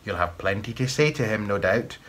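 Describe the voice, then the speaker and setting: A man's voice: lowish voice, lively intonation, brisk, fairly bright tone. A man with a Scottish accent voicing a sly, sinister old male wizard who runs a school of magic. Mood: commanding.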